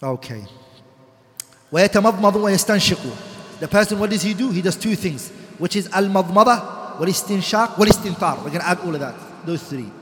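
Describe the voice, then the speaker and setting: A man teaching a classroom lecture, reciting Arabic text quickly and then explaining it in English, putting questions to the class. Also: sits high, animated. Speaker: teacher of Islamic law. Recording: echoey hall.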